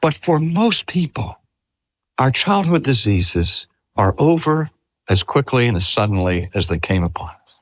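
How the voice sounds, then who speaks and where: An older man, a pastor, preaching a sermon in a slow, measured way. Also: mid-range voice, no echo. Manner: slow, measured delivery with lively rises and falls.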